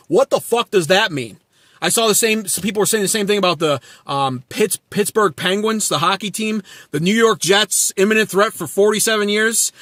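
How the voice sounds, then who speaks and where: A man's voice: high-pitched, brisk, a bit bright, no echo. Sarcastic, profane male political commentator. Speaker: channel host. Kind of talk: political commentary with chat replies.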